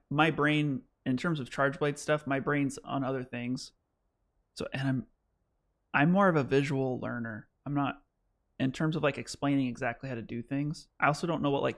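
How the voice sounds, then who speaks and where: A man hosting a casual gaming livestream, talking excitedly, laughing at himself, and rambling through his reactions. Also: mid-range voice. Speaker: livestream host.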